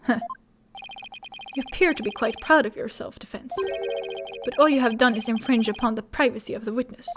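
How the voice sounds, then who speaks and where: A woman's voice: fairly high pitch, fairly quick, long pauses, background noise, close to an everyday voice. A woman voicing a cocky male prosecutor who uses British slang with an American accent, smug and teasing.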